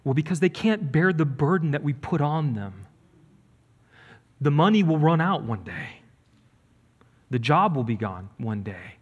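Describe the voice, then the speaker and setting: A man's voice: fairly high pitch, very animated, a little slow, pauses often, breathy edge, highs cut off. Earnest male preacher in a reverberant hall. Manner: earnest, emphatic preaching with rising and falling delivery. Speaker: pastor. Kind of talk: sermon.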